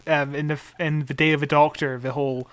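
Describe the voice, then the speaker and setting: A man's voice: fairly high pitch, flat delivery, fast, clear, resonant tone, dry recording. A man co-hosting a casual podcast discussion, earnest and reflective, repeating words as he thinks. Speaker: podcast co-host.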